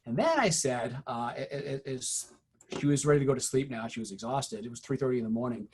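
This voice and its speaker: A middle-aged man giving a teacher training, telling a story in a conversational, unhurried way with many fillers. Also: mid-range voice, expressive, a little hiss or hum.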